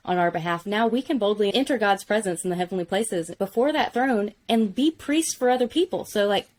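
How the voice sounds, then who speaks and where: Speaking a little fast in a mid-range voice, this woman gives a laid-back, chatty Biblical Hebrew lesson. Her explanations are eager, with "like" sprinkled throughout.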